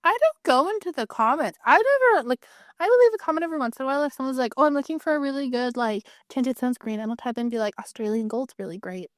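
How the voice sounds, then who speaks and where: A woman co-hosting a podcast in casual chat, talking quickly and breaking into bits of jingles. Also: high-pitched, animated, no echo, studio quality. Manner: chatty, bursts into sung jingles. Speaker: podcast co-host.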